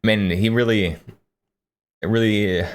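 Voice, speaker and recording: Man, livestreamer, deep voice, laid-back joking, chats with viewers. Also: steady tone, slow pace. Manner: joking, laughs often, talks to chat. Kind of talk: casual reaction stream chat.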